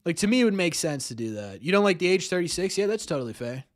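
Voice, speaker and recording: Guy on a live sports talk stream, kinda high voice, stumbles and repeats words, says right? a lot. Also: very animated, fast talker. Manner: rambling, repeats words and ends lines with "right?". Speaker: podcast host.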